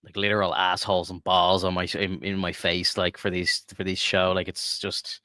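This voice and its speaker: A man's voice: low voice, flat delivery, moderate pace, sharp tone, no room sound, studio quality. A young man co-hosting a casual podcast chat, swearing freely, rambling with lots of "like" and laughing often. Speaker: podcast co-host.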